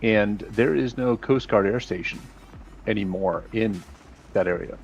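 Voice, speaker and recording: A man's voice: lowish voice, unhurried, gravelly, highs cut off, faint music behind. A man flying as co-pilot in a multiplayer flight sim, calling out hoist steps and explaining with many fillers. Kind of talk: casual co-op flight sim chat.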